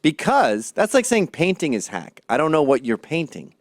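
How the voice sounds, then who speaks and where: This Scottish podcast host's voice runs high and swings hugely in pitch as he tells crude comic stories at a moderate pace, animatedly imitating other people. The audio is studio quality with no echo.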